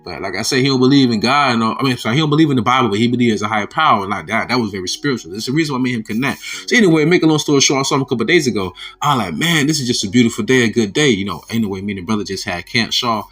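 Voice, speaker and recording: A man hosting a casual spiritual talk, telling stories loosely and jumping from loud quoted voices to quiet asides, with frequent laughs. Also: medium pitch, rapid-fire, few pauses, slightly rough, soft background music. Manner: laughs often between sentences. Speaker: religious video host.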